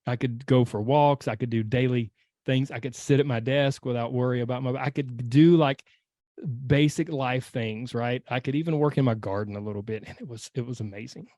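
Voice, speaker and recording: A man hosting a podcast, telling a personal story in a casual, animated way and acting out his own inner voice. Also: medium pitch, fairly quick, no echo, studio quality. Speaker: podcast host and weight-loss coach.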